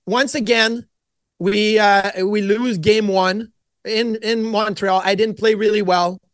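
A middle-aged man, a podcast guest, telling stories in an animated way and acting out his own quotes. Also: high voice, slow pace, dry recording. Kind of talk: casual storytelling interview.

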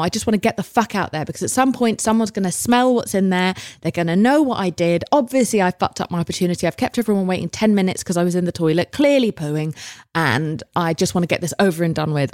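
A woman's voice: lowish voice, a little mellow, no room sound, studio quality. A woman in her thirties with an English accent, telling a story solo on her podcast in a candid, self-mocking way, swearing freely. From England. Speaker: podcast host.

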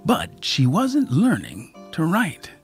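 A storyteller reading a story aloud, unhurried and expressive. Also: medium pitch, faint music behind. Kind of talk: storybook narration.

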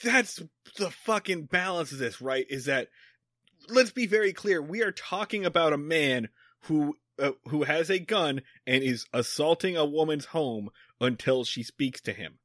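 A man's voice: on the high side, expressive, unhurried, a bit bright, no echo, clean studio sound. A man co-hosting a podcast, ranting in heated, profane casual chat about a TV episode. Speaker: podcast co-host.

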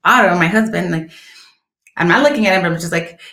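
A woman's voice: on the low side, fast talker, sharp tone. Young adult woman, podcast co-host, emotional storyteller, restarts often; roomy echoey recording. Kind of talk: casual chat. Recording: roomy echo.

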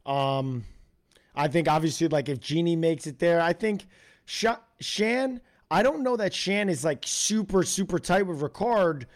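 Male co-host, a bit high-pitched, relaxed podcast banter, loose and rambling. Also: unhurried. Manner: easygoing, trails off and restarts. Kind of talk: casual recap chat.

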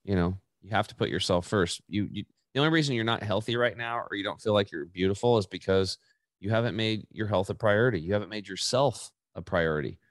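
A middle-aged man hosting a podcast, chatting casually and animated, acting out quotes in high voices. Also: fast talker, dry recording, clean studio sound. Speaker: podcast host. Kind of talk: casual interview chat.

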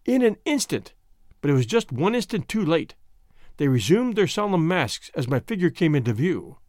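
A man reading a storybook aloud in scripted, expressive narration. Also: fairly high pitch, normal speed, no room sound, studio quality. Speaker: audiobook narrator.

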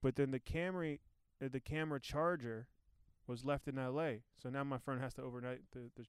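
A man hosts a casual comedy podcast from home. He rambles and jokes in a smooth, resonant voice. The sound is close and dry on a new podcast microphone. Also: mid-range voice, brisk, no echo. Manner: rambling, joking, animated. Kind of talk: casual chat.

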